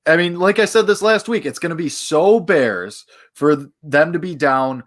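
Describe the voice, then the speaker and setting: Slightly high-voiced male podcast co-host. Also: moderate pace. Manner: wry, mocking banter. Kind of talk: casual chat.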